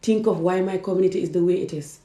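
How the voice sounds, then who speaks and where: A woman's voice: fairly low pitch, fast talker, mellow. A woman from Gambia and Senegal giving an emphatic personal vlog monologue, repeating words for stress. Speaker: vlogger. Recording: roomy echo.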